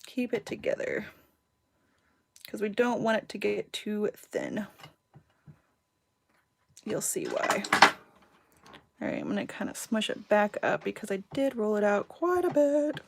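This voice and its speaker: A woman's voice: medium pitch, expressive, unhurried, gravelly, pauses often, a little hiss or hum. A woman hosting a casual livestream craft tutorial, chatting and giggling with her viewers as she works. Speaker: crafting channel host.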